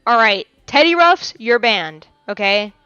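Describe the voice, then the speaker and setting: A twenty-year-old woman hosting a live chat, with a high voice and a playful, theatrical way of talking. She laughs often and slips into mock outrage. The sound is dry and a little dull. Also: sing-song, unhurried, pushed and bright, clear, resonant tone, no room sound, soft background music. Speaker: podcast host. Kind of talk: casual live-stream chat.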